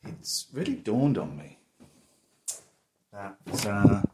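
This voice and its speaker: A man's voice: lowish voice, big pitch swings, slow pace, heavy background noise. Candid man in his forties, rambling. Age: 40s. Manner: rambling, candid, talks to his dog between thoughts. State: out of breath from stairs. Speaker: vlogger. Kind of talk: casual chat while packing. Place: home, indoors.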